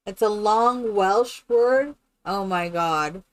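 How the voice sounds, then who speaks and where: A woman's voice: mid-range voice, slow, smooth. A woman streaming a game live, chatting casually with viewers in a rambling, exclamatory way. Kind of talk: casual live-stream chat while playing.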